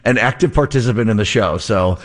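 A man hosting a radio show as a fill-in, joking and bantering casually with his co-hosts. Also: on the low side. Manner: playful, joking, quick to laugh. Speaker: radio show host filling in.

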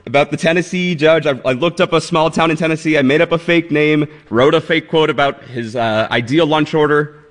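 A man's voice: fairly high pitch, a little fast, few pauses, big-room sound. A man running a quiz segment on a radio show, explaining casually with fillers and restarts. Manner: chatty, explaining with many fillers.

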